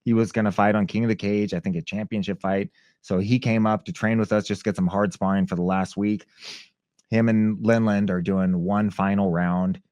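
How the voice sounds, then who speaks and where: In a fairly low voice at a moderate pace, a former fighter on a podcast brings his story to life by playing the people in it and their shouts. There's no room sound, and the storytelling is animated and conversational.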